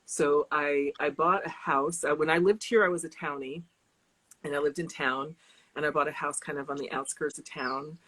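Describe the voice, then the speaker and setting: A woman's voice: low-pitched, fairly even intonation, normal speed, a bit bright, poor audio. A young adult woman chatting casually as an author guest, rambling with restarts and laughing often. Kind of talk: casual interview chat.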